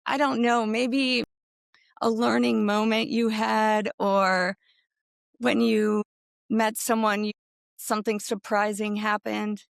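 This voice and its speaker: A woman hosting an interview, asking slow, halting questions. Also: fairly high pitch, flat delivery, gravelly, no room sound, studio quality. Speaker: podcast host.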